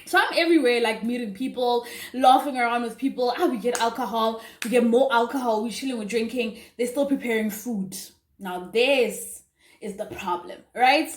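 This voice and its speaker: A young South African woman telling a casual storytime, chatty and animated, with asides to her viewers. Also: a little high, normal speed. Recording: roomy echo.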